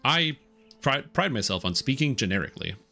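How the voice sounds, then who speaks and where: A Canadian man with a general North American accent, chatting casually on a game stream and enunciating each word clearly. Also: mid-range voice, very animated, fairly quick, pushed and bright, faint music behind. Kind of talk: casual live-stream chat.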